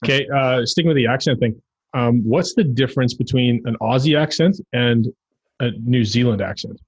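Male co-host, husky, dry close recording, casual intro reads. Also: medium pitch, normal speed, no echo, highs cut off. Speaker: podcast co-host. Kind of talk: casual podcast chat.

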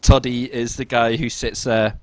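A man in a casual podcast chat, spinning a lively anecdote with a mid-range voice. He laughs often and mimics the people he describes. The sound is dry and close, with no room around it. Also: medium pitch, a little slow, dry recording. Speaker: podcast co-host.

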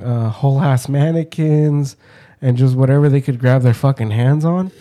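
A man's voice: mid-range voice, warm tone. A man in casual chat who argues his point heatedly and swears freely. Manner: heated, profane and argumentative.

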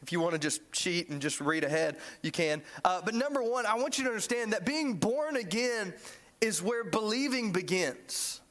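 High-voiced, joking male preacher. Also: normal speed. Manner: animated and joking, with frequent restarts. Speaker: pastor. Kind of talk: sermon. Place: church.

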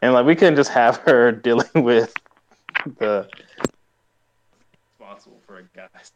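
A man's voice: medium pitch, a little slow, highs cut off, a little hiss or hum. A man co-hosting a podcast in casual chat, rambling through a show recap with lots of fillers and frequent laughs. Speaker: podcast co-host.

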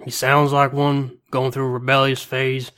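A man's voice: medium pitch, completely flat delivery, moderate pace, a bit bright, clean tone, lightly acted. A man playing a blunt, laid-back orphan warrior who fights with a trident, in a bad Texas drawl. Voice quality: bad Texas drawl, Stone Cold impression.

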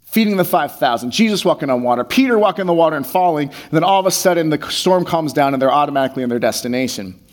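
A man delivering a sermon in a relaxed, conversational way, in a voice pitched a little higher than most men's. He reads passages of scripture aloud, then unpacks them in everyday words. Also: fast. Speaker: pastor.

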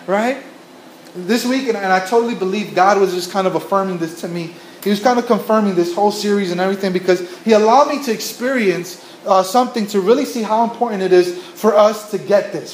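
Earnest high-voiced male preacher, echoey room. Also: slight background noise. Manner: earnest storytelling with many restarts and repetitions. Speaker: pastor. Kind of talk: sermon.

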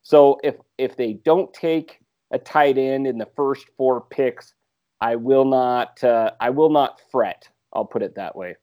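A man's voice: medium pitch, unhurried, dull audio. A man co-hosting a podcast in casual chat, rambling and hesitating with frequent "uh"s. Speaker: podcast co-host.

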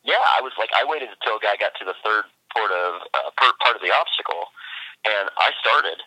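An obstacle course racer, appearing as a guest, chats casually with a low-pitched, animated voice that is brisk, pushed and bright. He's easygoing, laughs a lot and trails off with plenty of fillers. The recording is dry and of poor quality.

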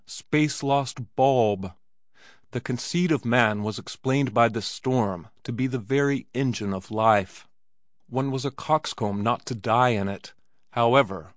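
A man reading a classic story as an audiobook narrator, measured and even. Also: medium pitch, dry recording, studio quality. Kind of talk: scripted narration.

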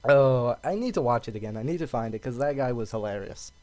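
A man co-hosting a podcast and telling a story with animation. His pitch rises and falls freely in a relaxed, chatty delivery. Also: brisk. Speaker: podcast co-host. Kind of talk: casual chat.

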